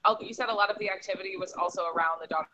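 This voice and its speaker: A woman co-hosting a podcast over a remote call, reacting with excited, apologetic interjections. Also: medium pitch, rapid-fire, slight background noise, low-quality recording. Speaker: podcast co-host. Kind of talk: casual chat, reacting.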